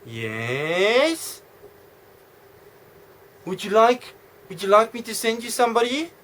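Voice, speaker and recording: A man doing a shrill prim receptionist. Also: huge pitch swings, slow pace, fairly bright tone, heavily acted. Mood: polite. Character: prim high-voiced phone receptionist, eager to help.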